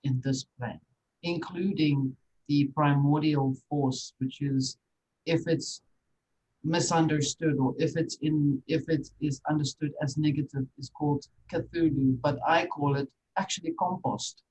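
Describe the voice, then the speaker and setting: A podcast host talks in a musing, speculative way, thinking out loud during an interview. The voice sits at a middle pitch, with a faint hiss of noise behind it. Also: steady tone, unhurried, poor audio.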